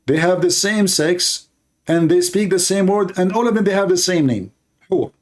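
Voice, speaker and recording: Male call-in host, mocking and emphatic, slightly high voice. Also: normal speed. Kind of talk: call-in debate.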